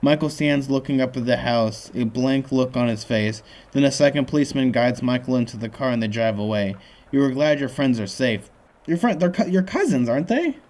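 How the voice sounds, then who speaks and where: A man's voice: medium pitch, brisk. A man reading a choose-your-own-adventure book aloud as host, breaking off for joking asides. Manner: jokey asides, lively reading.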